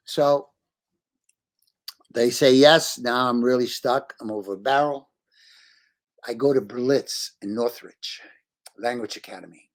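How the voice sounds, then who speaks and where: Male guest, lively storyteller, acts out his own lines, swears freely, middle pitch. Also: slow pace, pauses often. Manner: animated, acting out his own quotes. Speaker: podcast guest. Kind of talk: casual storytelling interview.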